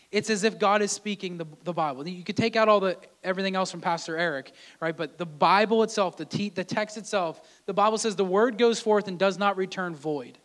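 A man's voice: sits high, a bit bright. A man preaching a sermon in a conversational way, often repeating and restarting his words. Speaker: pastor.

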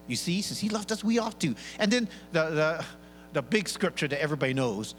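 A middle-aged man preaching a sermon in a church, animated and playful, mimicking his congregation with big swings in voice. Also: on the high side. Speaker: pastor. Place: large church hall. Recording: live church hall reverb, faint hum.

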